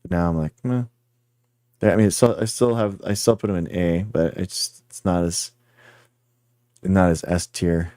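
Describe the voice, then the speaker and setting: A man's voice: sits low, fairly even intonation, normal speed, warm tone, no echo, studio quality. A man hosting a livestream, chatting casually and rambling as he talks straight to his viewers. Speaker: livestream host.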